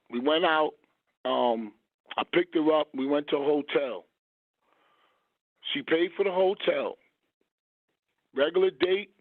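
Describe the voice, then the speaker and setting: A radio host tells his own story in a loose, rambling way, often hunting for the next word. His voice sits a little high. The sound is dry and narrow, like a phone line. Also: dry recording. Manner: rambling, searches for words with long ums. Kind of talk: casual radio talk, storytelling.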